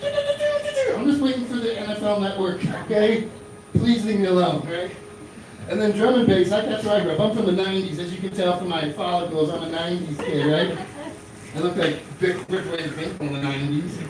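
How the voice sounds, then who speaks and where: A man's voice: high voice, fairly even intonation, fairly quick, noisy background. A man in his thirties from Florida doing a rambling stand-up comedy set in a small club, full of fillers and restarts. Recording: echoey club from a distant mic.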